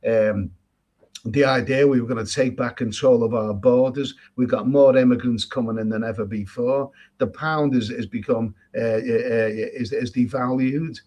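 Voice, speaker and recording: A man's voice: medium pitch, steady tone, normal speed, a little mellow. A man from England hosting a casual travel live stream, reading viewer comments aloud and answering them in a chatty, repetitive way with many restarts and emphatic opinions. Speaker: travel vlogger host. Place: island in Thailand.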